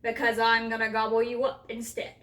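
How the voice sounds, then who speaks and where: Lady putting on a big mean troll, roaring and gruff, echoey room. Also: sits high, sing-song, measured pace, distant mic. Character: fierce hungry male troll giant.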